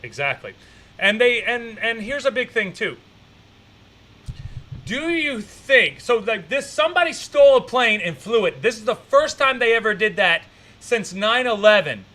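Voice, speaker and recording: A man hosting a stream, reacting to clips in a rambling, profane, excitable way. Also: high voice, moderate pace. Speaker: streamer host. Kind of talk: casual reaction commentary.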